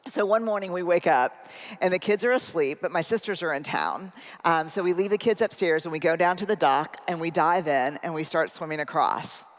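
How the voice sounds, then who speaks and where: A middle-aged woman with a fairly low voice speaks briskly, giving a humorous, self-deprecating keynote talk in a large conference hall. She tells a personal story and addresses the audience directly, and a long hall reverb trails her words.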